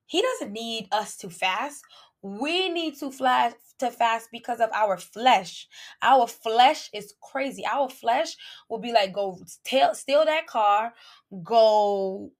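Lively woman preaching casually to camera. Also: on the high side, slow. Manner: lively, preachy, playful asides with laughs. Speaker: faith vlogger. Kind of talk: casual faith talk to camera.

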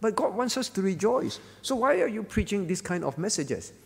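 "All right?" the pastor asks his congregation again and again during a conversational prayer-meeting sermon in a church hall. His high voice is very animated at normal speed, with vocal fry, a breathy edge and big-room sound.

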